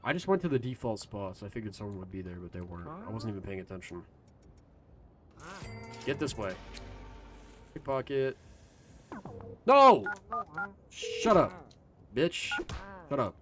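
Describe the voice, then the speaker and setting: A man's voice: fairly low pitch, lively intonation, a little fast, long pauses, over music. Rambling, cursing male game streamer. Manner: rambling, chatty, swears casually, talks to chat. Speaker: live streamer. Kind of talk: casual gaming stream commentary.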